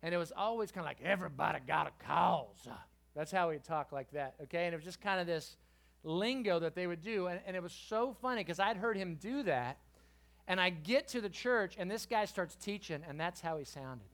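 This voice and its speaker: Lively middle-aged male preacher. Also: high voice, a little fast. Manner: lively, swings from quiet to loud. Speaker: guest preacher. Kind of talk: youth sermon with storytelling. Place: church youth service.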